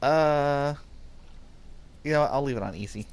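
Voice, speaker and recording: A man's voice: on the high side, moderate pace. A man streaming a story game, making offhand, self-mocking asides. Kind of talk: casual game commentary.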